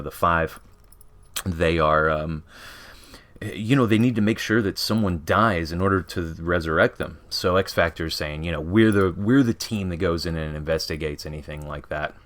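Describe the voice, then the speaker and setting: A man's voice: low voice, fairly bright tone. A man reviewing comic books in a casual vlog, rambling with lots of "you know" fillers and frequent chuckles. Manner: chuckles often while talking.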